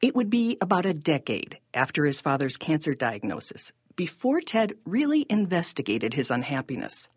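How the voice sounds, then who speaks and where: A woman with a low, slightly husky voice reads scripted podcast narration in a measured way. Her pitch moves expressively, and the recording is close and dry. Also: very animated, no room sound. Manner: measured, storytelling delivery.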